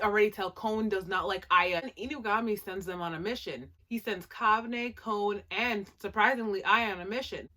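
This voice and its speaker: A woman casually recapping an anime episode, chatty and animated, with lots of "like" and laughing asides. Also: mid-range voice. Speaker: anime reviewer.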